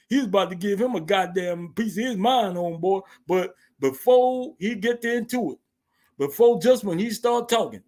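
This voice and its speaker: A man hosting a weekly wrestling recap, telling it in loose, slangy storytelling with swearing and laughs. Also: high-pitched. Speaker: host.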